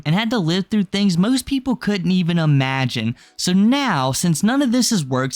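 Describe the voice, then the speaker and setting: A man's voice: on the high side, no room sound. A man hosting an online drama commentary channel, indignant and critical.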